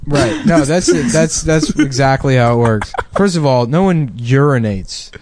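A man in casual chat, telling stories in a profane and animated way. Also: mid-range voice, unhurried.

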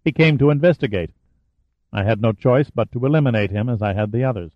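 A man voicing a gaunt giant villain who speaks in a cold, calm, clipped way, on a dry, slightly dull recording. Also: mid-range voice, quick pace, no room sound, close to an everyday voice.

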